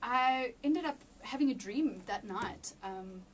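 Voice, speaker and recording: A woman giving an emotional personal testimony in an interview, halting with many restarts and near tears. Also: fairly high pitch, expressive, far from the mic, slight background noise. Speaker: interview guest.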